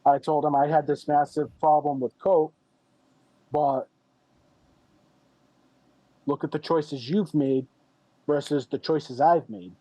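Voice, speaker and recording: A man's voice: on the high side, fairly even intonation, takes it slowly, pauses often, dark tone, no room sound, poor audio. Guy in his 30s rambling thru a story, lots of um and i'm like, dry close sound. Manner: candid, rambling, retells dialogue with "I'm like" and frequent ums. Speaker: podcast guest. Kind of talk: personal storytelling in an interview.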